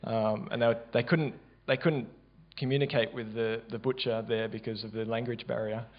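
Halting Australian man giving a testimony. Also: steady tone. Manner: casual, halting, many fillers and restarts. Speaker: church member sharing a testimony. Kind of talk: testimony at a church service. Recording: dull low-fidelity sound.

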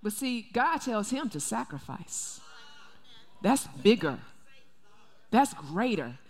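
A woman's voice: medium pitch, very animated, slow pace, husky, big-room sound. A woman pastor preaching a sermon, emphatic and repeating her key phrases. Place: church sanctuary.

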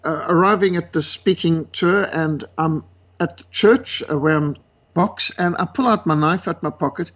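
A man from South Africa with a South African accent, a guest speaker telling lively stories and acting out the voices of the people in them. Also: fairly high pitch, moderate pace, husky. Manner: lively, acts out quoted voices. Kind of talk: animated storytelling. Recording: dull lo-fi sound.

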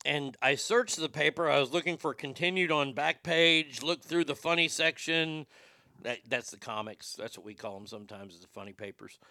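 A man's voice: fairly high pitch, moderate pace, sharp tone, no echo, studio quality. A man hosting a talk show, ranting profanely as he tells fired-up stories. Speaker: radio show host.

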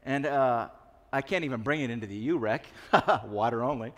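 A pastor in his sixties preaches a sermon at medium pitch and normal speed, sharing confessional stories with self-mocking humor. The long reverb of a large hall surrounds his voice.

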